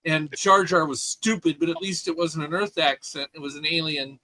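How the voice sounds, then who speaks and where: A man co-hosting a casual podcast chat, talking in an animated, rambling way with lots of restarts. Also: fairly high pitch, moderate pace, no room sound, low-quality recording. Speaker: podcast co-host.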